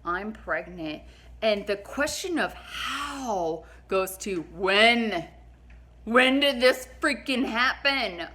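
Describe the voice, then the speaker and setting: A young woman telling a personal story for her vlog, in an animated, dramatic way, laughing and swearing as she goes. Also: on the high side, takes it slowly. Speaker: vlogger.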